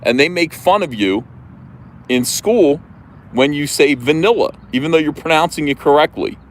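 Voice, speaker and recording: A man with a New Jersey accent hosting a livestream outdoors, chatting casually in an animated, rambling way. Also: a little high, moderate pace, slight background noise. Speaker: livestream host. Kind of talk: casual chat.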